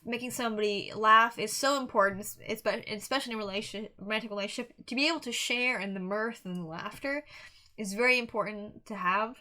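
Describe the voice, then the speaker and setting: A woman's voice: medium pitch, fast talker, sharp tone. A young woman reviewing a song in a casual, earnest monologue, rambling with many restarts and fillers. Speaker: music reaction reviewer.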